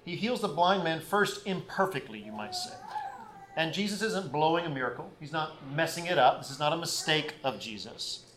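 A man preaching a sermon and reading scripture aloud, pausing often on "uh" and growing louder and higher when he reads the quoted passages. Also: animated. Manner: frequent "uh" fillers, rises in pitch and volume when reading scripture. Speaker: pastor.

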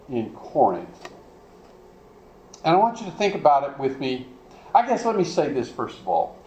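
Lively-voiced preacher in an echoey room. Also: male voice, fairly high pitch, a little hiss or hum. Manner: conversational, asks the congregation questions. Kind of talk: sermon.

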